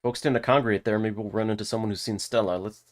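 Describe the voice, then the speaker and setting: Low-voiced man reading a game aloud. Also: fairly even intonation, fast talker. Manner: casual, thinking aloud. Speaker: let's play host.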